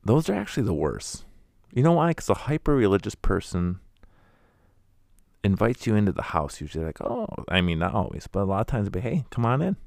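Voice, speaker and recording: A man's voice: low voice, sing-song, brisk, vocal fry, a little mellow, dry recording, clean studio sound. A man telling wry, candid stories about going door to door as a preacher, acting out the people he met. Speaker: former door-to-door preacher telling his story. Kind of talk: casual storytelling monologue.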